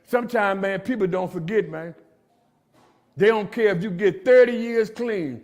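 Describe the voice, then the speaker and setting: Speaking at a moderate pace, this middle-aged man has a high-pitched, expressive, slightly mellow voice. In a jail meeting room he shares his recovery testimony with inmates in a preachy, streetwise way, addressing them as "man."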